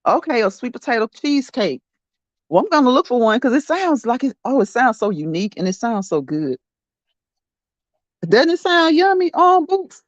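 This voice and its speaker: A woman's voice: fairly high pitch, very animated, moderate pace, no echo. A woman hosting a casual livestream, chatting to her viewers, laughing often and repeating herself. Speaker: livestream host. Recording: dull, dry lo-fi sound.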